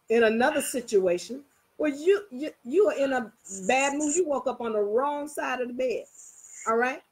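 A woman teaching in a casual, animated way, telling everyday stories and checking that listeners follow. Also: a little high, breathy edge, low-quality recording. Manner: animated, storytelling, coaxing listeners. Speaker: spiritual teacher. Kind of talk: casual motivational talk.

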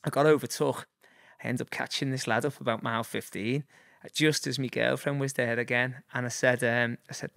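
A man's voice: mid-range voice, fairly even intonation, fairly quick, creaky, a bit bright, dry recording, studio quality. A man in his forties with a Liverpool accent, telling rambling anecdotes as a guest, full of fillers and chuckles. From Liverpool, England. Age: 40s. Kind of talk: casual storytelling.

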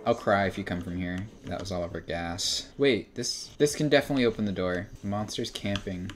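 A young man streaming a horror game, commenting in an exasperated way and breaking into shouts and laughs. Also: low voice, a little fast, a little hiss or hum. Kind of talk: frustrated gameplay commentary.

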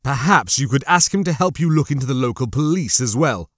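A man voicing a calm male team leader who speaks formally and lays out plans in a measured way, in an audiobook. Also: mid-range voice, dry recording, studio quality.

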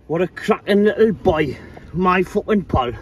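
A man's voice: high-pitched, lively intonation, measured pace, slight background noise. A man walking his dog outdoors on a coastline, chatting casually and coaxing the dog in a sing-song voice, swearing freely.

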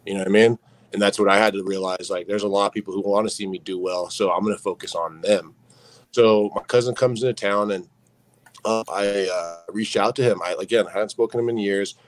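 A man's voice: lowish voice, steady tone, fairly quick, rough recording. A young man speaking as a podcast guest, telling his story earnestly and padding it with fillers like "you know what I mean.". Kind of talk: candid storytelling interview.

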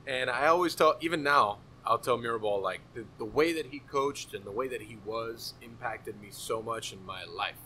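Brief: man, 30s, very bright, sharp voice, relaxed podcast host trading memories. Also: mid-range voice, normal speed, few pauses, a little hiss or hum, low-quality recording. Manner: relaxed, reminiscing, laughs easily. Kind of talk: casual conversation.

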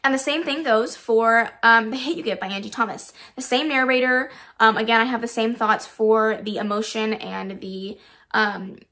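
A woman's voice: fairly high pitch, moderate pace, sharp tone. A woman book vlogger giving casual, enthusiastic audiobook recommendations, with frequent ums. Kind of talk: casual book review vlog.

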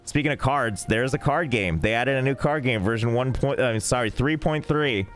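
A young man casually streaming a game, rambling and joking in deadpan asides. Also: medium pitch, moderate pace. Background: faint game music.

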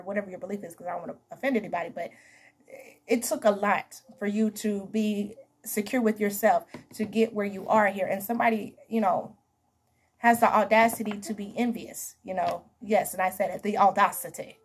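Woman doing a tarot reading, kinda husky breathy voice, chatty, keeps repeating herself for emphasis. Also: mid-range voice. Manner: chatty, talks to viewers as "honey" and "baby". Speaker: tarot reader. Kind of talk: casual tarot reading to camera.

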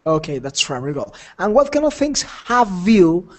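A man's voice: high-pitched, big pitch swings, moderate pace. A man teaching an English conversation class, encouraging and repetitive, laughing often.

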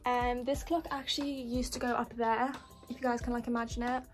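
Young woman, casual room-tour vlogger, even delivery, music bed behind. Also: on the high side, brisk. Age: young adult. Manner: chatty, listing items as she goes. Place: student bedroom in university housing. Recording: music playing under the voice.

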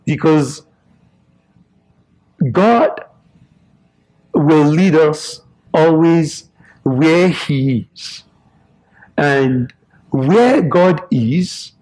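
A man's voice: on the high side, darkish tone, low-quality recording. A man preaching a sermon in short, emphatic, repeated phrases.

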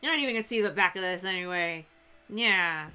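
Her voice is lowish, fairly quick, sharp and smooth: a young cosplay streamer from Texas with a faint accent, sewing while she chats casually on a live stream. She rambles, drops sentences halfway and interrupts herself with laughter.

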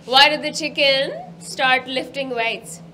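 A woman's voice: sits high, steady tone, slow, a crowd in the background. A woman guest at a comedy show, telling short jokes in a hesitant, giggling way.

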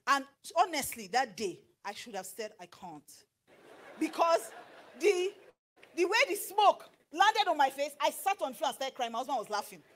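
A middle-aged Nigerian woman preaching on marriage, animated and slipping into pidgin with acted asides. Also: high voice, normal speed, a little hiss or hum. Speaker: pastor and marriage counselor. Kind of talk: sermon.

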